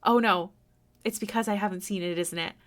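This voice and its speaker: A young woman chatting casually with her viewers on a live art stream, self-deprecating and prone to sudden excited exclamations. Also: fairly low pitch, brisk. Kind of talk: casual live-stream chat while drawing. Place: home room.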